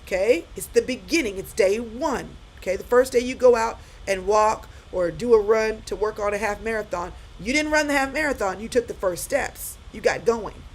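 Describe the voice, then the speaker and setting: A woman's voice: fairly high pitch, normal speed, few pauses, rough recording. A middle-aged woman giving a live-stream pep talk to viewers, repeating her points with emphasis and speaking straight to them.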